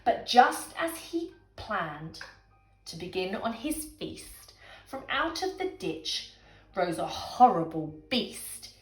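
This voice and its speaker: Woman reading a bedtime story real slow, lots of ups and downs, whispers bits, echoey room. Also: mid-range voice. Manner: animated, dramatic storytelling with whispers. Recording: echoey room, faint music.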